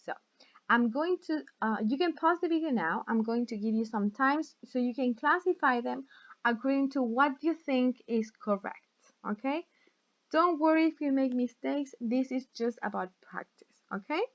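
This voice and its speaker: Recorded in a muffled way, a high-voiced woman teaches an online English lesson. Originally from Latin America with Spanish as her native tongue, she goes slowly and patiently, often asking the class "right?" or "okay?"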